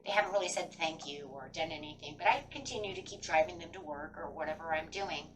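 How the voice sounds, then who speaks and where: A woman's voice: low voice, quick pace, fairly bright tone, recorded from a distance, a little hiss or hum, low-quality recording. A woman giving a casual tarot reading, rambling and full of fillers like "kind of" and "like". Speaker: tarot reader.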